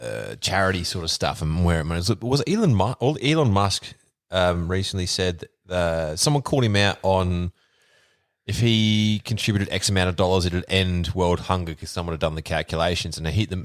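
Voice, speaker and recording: A man's voice: low voice, no echo, studio quality. A man co-hosting a casual podcast, telling stories in a loose, rambling way full of ums.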